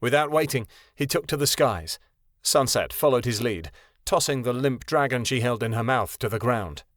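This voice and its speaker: A man narrating a fantasy audiobook in a steady, even storytelling voice. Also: medium pitch, moderate pace, no room sound, clean studio sound. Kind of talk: scripted narration.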